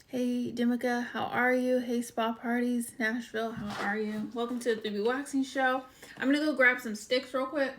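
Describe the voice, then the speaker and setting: A woman's voice: a little high, fairly even intonation, normal speed, fairly bright tone, a little hiss or hum. A woman hosting a casual live-stream show, chatting and greeting viewers by name. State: out of breath. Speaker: waxing show host.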